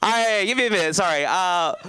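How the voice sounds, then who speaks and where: A man's voice: sits high, expressive, quick pace, bright, forceful tone, clear, resonant tone. A man in his thirties from South Los Angeles doing open mic stand-up, rambling with lots of fillers and restarts. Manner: rambling, many fillers and self-interruptions. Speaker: stand-up comedian. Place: comedy club stage.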